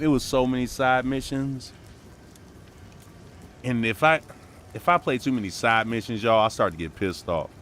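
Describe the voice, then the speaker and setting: A man with a Brooklyn-tinged American accent, chatting casually on a game stream in loose, profane slang and shouting out his viewers. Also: mid-range voice, slight background noise. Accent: Brooklyn-tinged American English. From born in New York, raised in Minneapolis.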